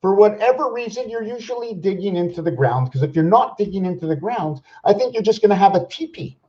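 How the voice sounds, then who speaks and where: A man hosting a rambling vlog monologue, musing aloud with rhetorical questions and slowly counting out numbers, at times loud and worked up. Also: high-pitched, expressive, slightly rough, muffled recording. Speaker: channel host.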